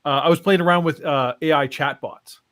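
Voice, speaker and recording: A man's voice: fairly high pitch, brisk, fairly bright tone. A middle-aged man co-hosting a casual chat show, telling rambling stories and laughing often. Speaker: co-host.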